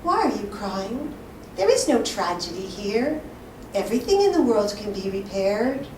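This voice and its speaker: A woman voicing a gentle, wise young bride with a donkey's head, speaking softly and sweetly, recorded from a distance in a roomy space. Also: medium pitch, normal speed, close to an everyday voice. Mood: tender. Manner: soft, sweet and calm. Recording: roomy, distant live mic, faint hiss.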